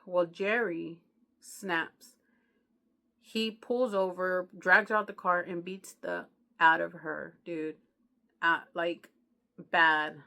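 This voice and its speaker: A woman's voice: fairly low pitch, steady tone, slow pace, gravelly, long pauses, pushed and bright. A woman reviewing a true crime book, retelling it in a chatty, slangy way with lots of asides to the listener. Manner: slangy, chatty, keeps asking "you know what I mean". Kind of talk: casual true crime storytelling.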